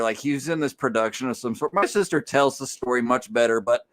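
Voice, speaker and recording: A man's voice: mid-range voice, fairly quick, hardly any pauses, fairly bright tone. A man from the United States co-hosting a podcast, telling a loose anecdote full of filler "like"s. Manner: loose storytelling, heavy use of filler "like". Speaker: podcast co-host. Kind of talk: rambling anecdote and casual review chat.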